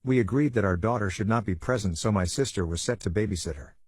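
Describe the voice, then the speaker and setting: A man narrating a bedtime story with a steady, even storytelling delivery. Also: on the low side, fast, no echo.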